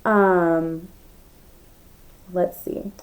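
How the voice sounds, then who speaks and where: This young woman has a lowish voice with fairly even intonation and drawn-out words, captured in a rough recording. Reading tarot casually and emphatically, she addresses viewers directly, filling her talk with fillers and occasional swearing.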